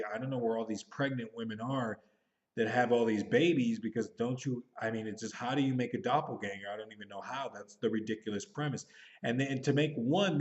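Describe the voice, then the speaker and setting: A man in his thirties talks through a movie review off the cuff, rambling and rushing to fit it in. His voice sits at an ordinary middle pitch. The home recording sounds dull and lo-fi. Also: darkish tone. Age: 30s. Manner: rambling, hurried, thinking aloud. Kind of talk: casual spoken movie review.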